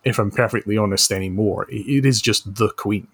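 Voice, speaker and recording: A man speaking as a podcast guest over a remote call, chatting in a dry, deadpan, mock-serious way. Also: fairly low pitch, brisk, husky. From Scotland. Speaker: podcast guest, author and social researcher. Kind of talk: casual comedic chat.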